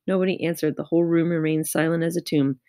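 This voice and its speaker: A woman narrates a children's storybook at a medium pitch, her voice carrying a gravelly, slightly creaky grain. The reading is measured and expressive. The recording is dry and close, with no room sound. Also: no echo. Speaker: audiobook reader.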